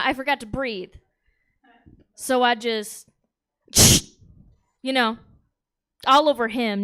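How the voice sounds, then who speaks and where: A woman's voice: high-pitched, pushed and bright, smooth. Giggly woman doing candid stand-up. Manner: giggly, candid, crowd-work. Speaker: stand-up comic. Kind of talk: stand-up comedy set. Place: live comedy stage.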